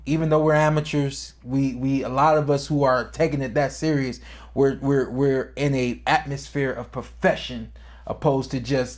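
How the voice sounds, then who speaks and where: Casually recounting a personal boxing story, a podcast co-host who used to box acts out quotes, his voice rising high at the emotional moments. His tone is a little mellow.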